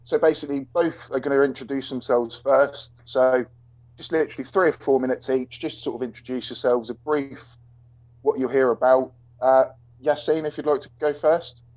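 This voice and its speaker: A man's voice: mid-range voice, fairly even intonation, moderate pace, darkish tone. Easygoing man, lo-fi audio. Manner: easygoing, laid-back. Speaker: debate moderator. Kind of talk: casual livestream talk. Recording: dull lo-fi online audio.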